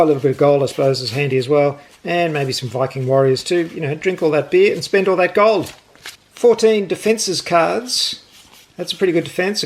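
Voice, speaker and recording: A man's voice: fairly high pitch, creaky. A man hosting a board game channel, talking casually through an unboxing with chatty, jokey, delighted asides.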